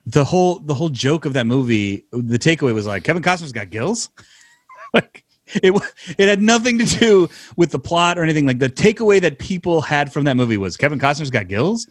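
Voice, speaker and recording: A man's voice: a little high, very animated, fairly quick, no echo, clean studio sound. A young adult man co-hosting a podcast, trading loose, opinionated banter, swearing and laughing often. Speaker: podcast co-host. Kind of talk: casual chat.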